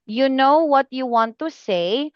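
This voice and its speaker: Woman tutor talking slow n patient, kinda high, clear but dull sound, dry. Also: lively intonation, no room sound. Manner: slow, patient, repeats the student's name often. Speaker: IELTS speaking tutor. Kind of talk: one-on-one online lesson feedback.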